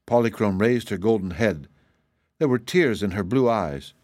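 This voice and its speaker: A man giving measured, gentle scripted storybook narration as an audiobook reader. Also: on the low side, animated, no echo, studio quality.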